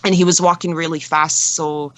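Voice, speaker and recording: A woman being interviewed as a guest, telling a personal story in an earnest, halting way with frequent restarts. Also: deep voice, little pitch movement, fairly bright tone.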